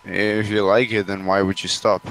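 A man's voice: lowish voice, flat delivery, moderate pace, a bit bright. A young man gaming with friends, making dry, drawling remarks in casual chat. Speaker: gamer. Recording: noisy mic with clicks.

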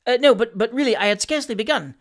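A reader voicing a nervous, eager young gentleman in an audiobook of a classic novel, fussy and pleading. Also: mid-range voice, expressive, brisk, lightly acted. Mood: flustered. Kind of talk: audiobook character reading.

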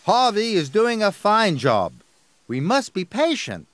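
A man voicing an old, steady male engine who is gentle but stubborn in a children's cartoon. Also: high-pitched, unhurried, slight background noise, voice pushed up, exaggerated voice. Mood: insistent. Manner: gentle, gruff at times.

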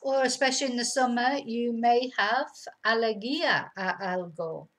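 A middle-aged woman teaching vocabulary in a casual lesson, chatty and slowing down to repeat words clearly. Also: fairly high pitch, a bit bright, poor audio. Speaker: language teacher. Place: home in Spain.

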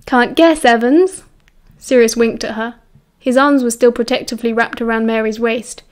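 Reading aloud from an audiobook, a British woman keeps her storytelling calm and measured, her voice sitting a little on the high side.

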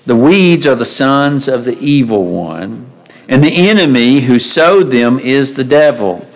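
A man's voice: medium pitch, expressive, measured pace, poor audio. Man preaching a conversational sermon. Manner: conversational, asks rhetorical questions, reads scripture aloud. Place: church sanctuary.

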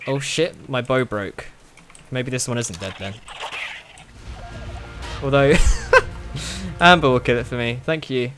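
A young man giving casual, excitable commentary while playing a video game, swearing and laughing often. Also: mid-range voice, moderate pace, faint music behind. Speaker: gaming video host.

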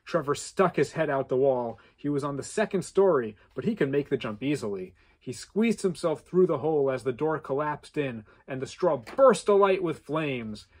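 A man reading a contest story aloud with animated delivery and playful asides. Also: fairly high pitch, moderate pace, few pauses. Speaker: contest entry reader.

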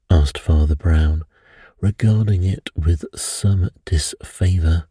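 A man narrating a bedtime detective story in a soft, measured, soothing way. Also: sits low, steady tone, breathy edge, dry recording, studio quality.

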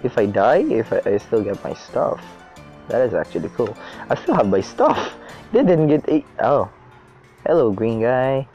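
A young man casually commenting on his own gameplay as a channel host, excitable and swearing freely. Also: mid-range voice, moderate pace, vocal fry, highs cut off. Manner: excitable, swears a lot, shrieks when chased. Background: faint background music.

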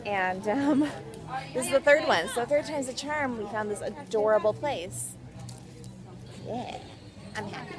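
A woman's voice: a little high, a little slow, pauses often, crowd noise. A young woman vlogging, bubbly and giggly, gushing over food and places with a friend. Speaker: beauty vlogger. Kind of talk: casual vlog chat. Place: outdoors at the beach, restaurants. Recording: loud background music. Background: loud music.

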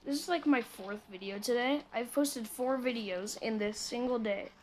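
A high, bright-pitched woman chats through a mobile game as she plays it. Her running commentary is casual and talkative, and she breaks off into little muttered asides. She speaks straight to her viewers and sounds like she is on a phone's built-in mic. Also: normal speed, slight background noise. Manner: chatty, talks to viewers while playing, muttering asides. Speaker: gameplay commentator. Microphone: phone screen recording mic.

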